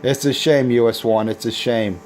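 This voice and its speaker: A man's voice: medium pitch, steady tone, moderate pace, noisy background. A man hosting a casual CB radio video, boasting and taunting rival operators with trash talk. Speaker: CB radio operator and channel host.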